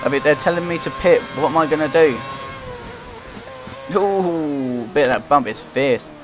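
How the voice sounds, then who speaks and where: A young man giving running play-by-play commentary while playing a racing game, getting excited and frustrated as he drives. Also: on the high side, moderate pace. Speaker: gaming commentator. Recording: loud game music behind the voice. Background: game music and engine noise.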